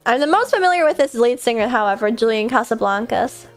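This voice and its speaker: A woman's voice: a little high, expressive, fast talker, soft background music. A young American woman hosting a livestream, chatting casually and reading chat aloud, bubbly, laughing often and swearing freely. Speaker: livestream host.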